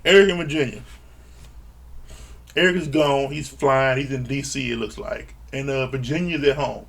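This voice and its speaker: Exasperated man ranting with a gravelly voice. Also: mid-range voice, normal speed, fairly bright tone. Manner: blunt, exasperated, swears often. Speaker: reality TV reviewer. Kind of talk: casual ranting recap.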